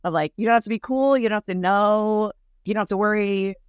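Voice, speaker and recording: A woman's voice: mid-range voice, brisk, clear, resonant tone, dry recording, studio quality. A woman improv teacher chatting reflectively as a podcast guest, full of "like" fillers. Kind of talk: casual podcast conversation.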